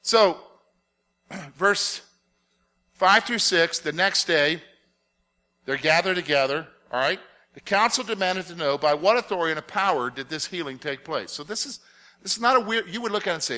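A man's voice: sits high, lively intonation, normal speed, long pauses, bright, forceful tone. A man giving a conversational sermon as a pastor, explaining step by step and often checking whether everyone understands. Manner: explains step by step, asks the audience rhetorical check-in questions. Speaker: pastor teaching a Bible study.

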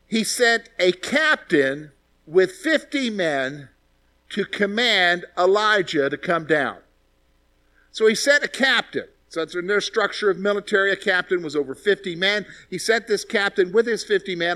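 A man's voice: sits high, animated, normal speed, sharp tone. A man teaching a Bible study, retelling scripture in a conversational way and asking rhetorical questions.

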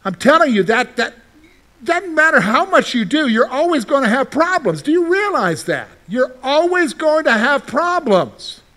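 A male pastor preaching a sermon in a lively way, often putting rhetorical questions to the congregation. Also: extremely high pitch, normal speed.

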